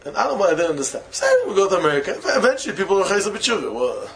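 A man, a rabbi, giving a Torah lecture in English full of Yiddish and Hebrew terms, with non-native phrasing, slowing to chant key phrases and breaking into sudden high exclamations. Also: sing-song, fairly bright tone, a little hiss or hum, rough recording. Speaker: rabbi teaching students. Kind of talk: Torah lecture to young men.

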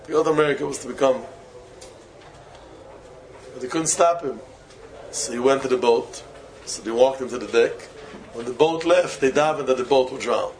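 A man, a rabbi, giving a Torah lecture in English full of Yiddish and Hebrew terms, with non-native phrasing, slowing to chant key phrases and breaking into sudden high exclamations. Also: a little hiss or hum, low-quality recording. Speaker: rabbi teaching students. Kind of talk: Torah lecture to young men.

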